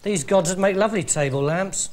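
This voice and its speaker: A man's voice: high voice, fairly quick, a little hiss or hum, lightly acted. A man doing an exasperated, put-upon father. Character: put-upon hardworking father, plain-spoken. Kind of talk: storybook character voice.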